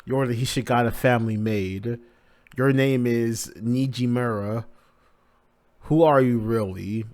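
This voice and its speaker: A man's voice: medium pitch, a little slow, a little mellow, lightly acted. A man reading the lines of a fierce, tearful young maid from a manga in his own voice. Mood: threatening.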